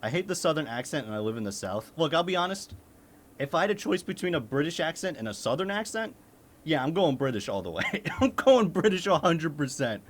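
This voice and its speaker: Guy from maine streaming, swears a lot, laughs constantly, voice jumps all over the place, kinda high. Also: sing-song, brisk. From Maine, United States. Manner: profane, blunt and laughing often; exclamatory, with sudden incredulous outbursts. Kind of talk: casual reaction commentary.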